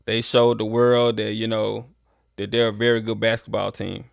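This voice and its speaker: Host stream sportowego, mężczyzna z akcentem z południa USA, luźny, gładki głos, suche nagranie. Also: male voice, lowish voice, moderate pace, vocal fry, dry recording, studio quality. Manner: relaxed, talks to viewers as y'all. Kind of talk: casual sports chat.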